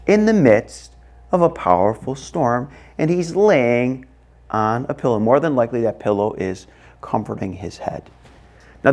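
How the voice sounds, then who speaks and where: Slow, lively-pitched male preacher. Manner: expressive preaching, acts out voices with sudden loud high bursts. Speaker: pastor. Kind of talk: sermon.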